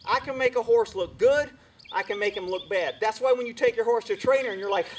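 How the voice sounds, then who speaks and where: Talking a little fast in a very high-pitched voice, a horse trainer demonstrates outdoors with his horses, with a little hiss or hum on the recording. He's brash, sarcastic and scolding in this blunt instructional vlog.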